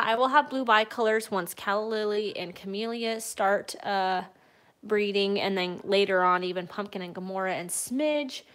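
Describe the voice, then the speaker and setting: A woman chats unhurriedly on a home live stream and answers viewers' questions. She laughs easily and slips into cooing baby talk for her cats. Her voice sits at a middling pitch. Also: a bit bright. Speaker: cat breeder hosting a live feed. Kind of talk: casual live-stream chat answering comments.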